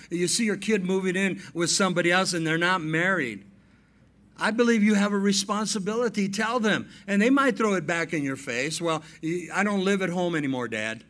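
A man in his fifties preaches with a high-pitched voice. He tells family stories, drops softly into asides, then lifts his voice into emphatic points for the congregation. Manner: storytelling preacher, swings between soft asides and emphatic raised points. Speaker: pastor. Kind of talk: sermon.

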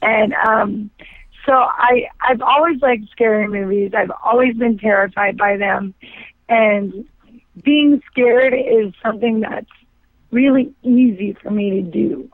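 A woman's voice: on the high side, takes it slowly, no room sound. A woman actor chatting as a guest, rambling with lots of fillers. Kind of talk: casual interview chat. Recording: tinny dry phone line.

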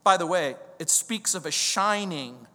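Preaching verse by verse to his congregation, a middle-aged man from Southern California sounds animated and sharp, his high voice carrying a long reverb in the large sanctuary. He tells personal stories between scripture readings and hammers key words with slow, drawn-out stress.

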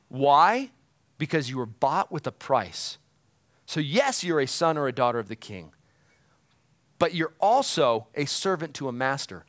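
A man's voice: fairly high pitch, big pitch swings, unhurried, fairly bright tone, no room sound. A man preaching a sermon as a pastor, earnestly explaining scripture and building to emphatic peaks.

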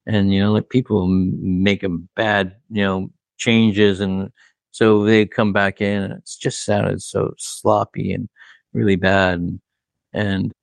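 A man's voice: lowish voice, flat delivery, slow pace, vocal fry, dry recording. A man, a record producer, telling studio stories in a rambling, casual way, full of "like" and "you know", laughing at his own anecdotes. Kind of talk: casual storytelling.

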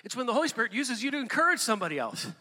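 A man preaching a sermon with animated delivery that swells into emphatic bursts. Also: very high-pitched, rapid-fire. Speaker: pastor. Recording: long hall reverb.

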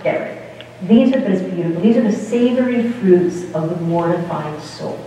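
A woman's voice: on the low side, darkish tone, a little hiss or hum. Distant woman in an echoey hall. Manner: rambling, chatty, self-interrupting. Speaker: speaker giving a spiritual talk. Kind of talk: informal spiritual talk.

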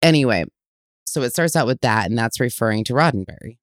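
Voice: mid-range voice, lively intonation, fast talker, dry recording, studio quality. A podcast co-host in casual chat, talking things through analytically and correcting themselves.

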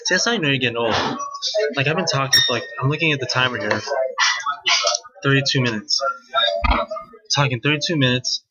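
A man's voice: medium pitch, fairly quick, pauses often, highs cut off. Chatty man rambling over crowd noise. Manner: rambling and chatty, with many "like"s and slang. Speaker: wedding guest recounting his sister's wedding. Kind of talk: casual solo monologue.

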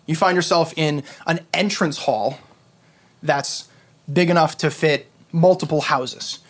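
A man narrating a tabletop game as game master, descriptive and unhurried, with many fillers. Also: fairly high pitch.

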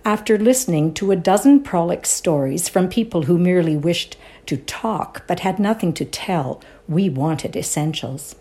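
Woman with a low mellow reading voice. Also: expressive, moderate pace, few pauses. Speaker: reader. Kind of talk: dramatic reading of a ghost story.

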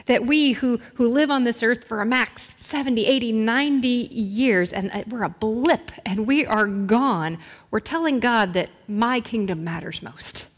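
A woman's voice: on the high side, measured pace. Woman preaching in a reverberant hall. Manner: earnest, builds intensity with repeated phrases. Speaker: pastor. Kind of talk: sermon.

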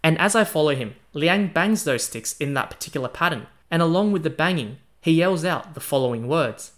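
A chatty male podcast host narrating a history story as a first-person tale. His voice sits a little high, with a bright, forceful tone. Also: expressive, fairly quick. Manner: chatty, casual, uses slang.

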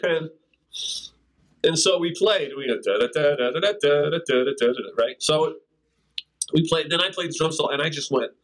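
A man's voice: a little high, normal speed, pauses often, poor audio. An older man, a drummer and interview guest, telling rambling anecdotes in casual conversation and scatting rhythms. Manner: rambling anecdotes with scat-sung drum rhythms and laughs. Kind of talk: casual storytelling.

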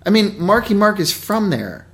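A man's voice: high-pitched, sing-song, moderate pace, a bit bright. A man who works as an actor, talking bluntly in casual chat and swearing for emphasis.

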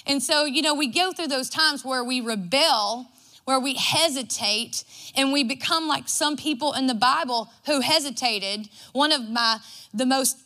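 A woman's voice: sits high, a little slow, pushed and bright. A woman, preaching a devotional sermon in a folksy storytelling way. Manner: folksy and storytelling, acts out her own quotes.

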